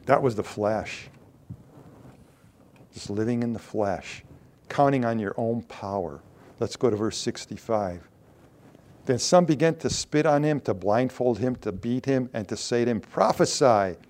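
A man preaching a sermon at an average pitch, reading scripture aloud and giving the quoted lines dramatic weight. Between readings he drops into a low, earnest tone. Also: a little slow, pauses often, darkish tone. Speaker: pastor.

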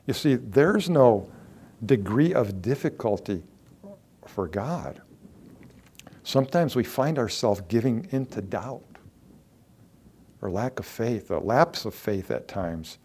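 A man preaching a sermon as a pastor, earnest and emphatic, dropping to soft asides and rising to loud declarations, often repeating words for stress. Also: mid-range voice, animated, unhurried, pauses often, husky.

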